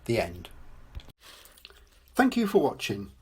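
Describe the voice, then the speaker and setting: An older man reading a children's story aloud as the host of his own channel, in a slow and lively storybook manner. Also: medium pitch, slight background noise.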